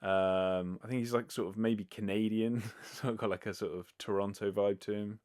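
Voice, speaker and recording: Male solo podcaster, slightly low register, loose and sweary, talking close to the mic. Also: steady tone, normal speed, darkish tone. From United Kingdom. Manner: rambling, filler-heavy, swears casually. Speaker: podcast host. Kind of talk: casual solo podcast answering listener questions. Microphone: close sensitive microphone.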